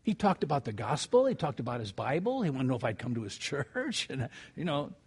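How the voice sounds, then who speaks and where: An older man preaching a sermon, telling a story with animated rises and quiet asides before reading scripture. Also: mid-range voice, fairly quick, breathy edge. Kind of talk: sermon with anecdote.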